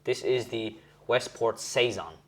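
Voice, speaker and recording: At a measured pace and medium pitch, a young man chats casually at home while tasting and rating beers. As host of this easygoing beer-review vlog, he rambles and keeps correcting himself.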